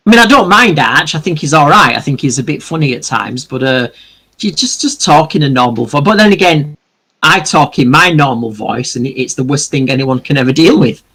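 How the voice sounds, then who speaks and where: A man's voice: a little high, animated, brisk, bright, forceful tone, slightly rough. A British man chatting casually while building models, with teasing, self-mocking banter. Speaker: hobby streamer.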